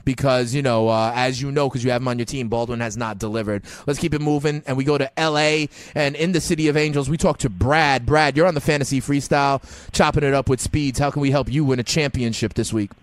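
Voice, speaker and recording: A man hosting a fantasy football call-in show, giving advice in an animated, sing-song way and often addressing callers by name. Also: mid-range voice, fast talker, few pauses, no echo. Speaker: fantasy football radio host.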